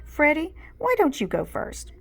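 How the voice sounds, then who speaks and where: A patient schoolteacher keeps her class in line, firm but never harsh, as a woman reading a storybook puts her on. The voice sits a little higher than the storyteller's own and moves at an unhurried pace. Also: wildly swooping pitch, creaky, full character voice. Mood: firm teacherly.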